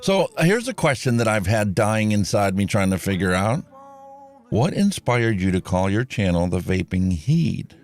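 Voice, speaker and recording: A man talking casually on a live stream, calmly explaining steps and asking curious questions. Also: on the low side, normal speed.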